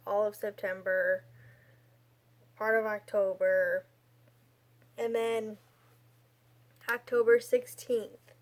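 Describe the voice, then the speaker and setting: Twenties woman, relaxed storytelling vlogger, slow pace, mid pitch, rambling and chatty. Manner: chatty, rambling with many fillers and restarts. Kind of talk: casual storytelling.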